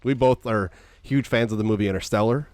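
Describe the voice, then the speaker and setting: A man's voice: on the low side, brisk, a little mellow, no room sound. A man co-hosting a casual podcast, firing off quizzical, jokey questions. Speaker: podcast co-host. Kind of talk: casual chat.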